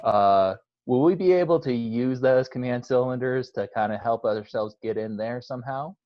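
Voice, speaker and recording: A man's voice: medium pitch, normal speed, no room sound. A man playing in a tabletop game, thinking aloud casually. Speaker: player. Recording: dull lo-fi, dry.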